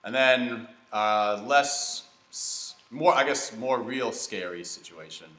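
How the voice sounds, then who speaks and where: A man's voice: mid-range voice, takes it slowly, bright, forceful tone. A man hosting a comedy podcast, chatting casually while playing a video game and telling rambling stories with fillers and restarts. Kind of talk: casual chat while gaming. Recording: echoey room.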